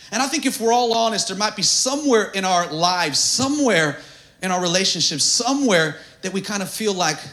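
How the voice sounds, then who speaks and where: Animated preaching man, high lively voice. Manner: swings from hushed to shouting, animated preaching. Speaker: pastor. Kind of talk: sermon.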